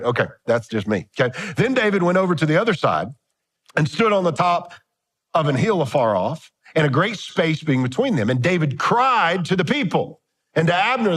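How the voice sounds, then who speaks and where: Animated pastor preaching a sermon. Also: male voice, fairly high pitch, a little fast, slightly rough. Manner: animated, joking asides, reading scripture aloud.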